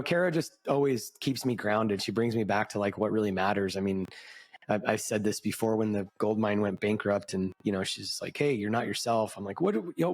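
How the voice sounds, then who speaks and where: Podcast co-host, middle-aged man, low pitch, loose and reflective, casual swearing. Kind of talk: casual chat.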